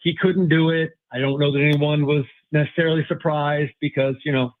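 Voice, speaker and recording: Guest sports writer, male, rambling and hesitant, slightly high voice, heard over a tinny phone line. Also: fairly even intonation, brisk. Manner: rambling, hesitant, many restarts and fillers. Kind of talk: casual sports talk.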